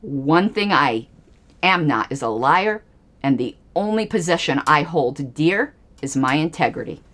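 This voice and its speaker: A woman's voice: deep voice, expressive, measured pace, fairly bright tone. A woman hosting a livestream, giving angry, emphatic political commentary with pointed repetitions. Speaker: livestream host.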